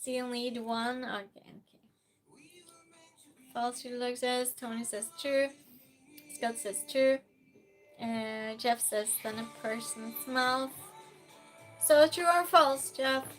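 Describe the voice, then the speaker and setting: A woman hosting a quiz game on her live stream, reading chat messages aloud in a casual way, sometimes loud and sometimes dropping almost to a whisper. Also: a little high, fairly even intonation, soft background music. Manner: reads chat aloud, slow and chatty, swings between loud outbursts and soft near-whispers.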